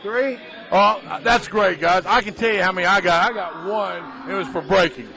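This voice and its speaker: A man's voice: high voice, moderate pace, creaky, bright, forceful tone. A man hosting interviews at a martial arts tournament, full of enthusiastic praise. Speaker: host and interviewer. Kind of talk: event interview and commentary.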